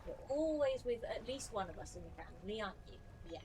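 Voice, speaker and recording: A woman's voice: on the high side, expressive, fast, warm tone, slight background noise, rough recording. A woman streaming a game from a room at home with a fan running. She chats casually and coos at her dog in between. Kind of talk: casual live-stream chat.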